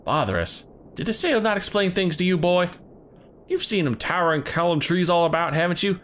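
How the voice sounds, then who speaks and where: A man's voice: high-pitched, animated, fairly quick, pitched above the performer's own voice. A man voicing a hearty, gregarious older male hunter leader with a Southern US drawl. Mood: boisterous. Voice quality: folksy drawl. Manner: gregarious, loud. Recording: game music behind.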